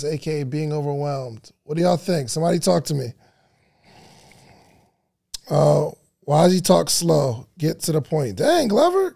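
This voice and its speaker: A man's voice: fairly high pitch, creaky, darkish tone. A man hosting a live-stream podcast, reacting animatedly to the chat and stretching out his questions. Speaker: podcast host.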